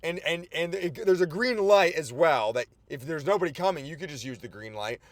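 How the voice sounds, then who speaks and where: Twenty-something guy ranting in his car, kinda high voice, swings all over, swears a lot. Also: brisk, no room sound. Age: 20s. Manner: animated, rambling, swears often. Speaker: podcast host. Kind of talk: rambling comic monologue. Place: inside a car while driving and parking.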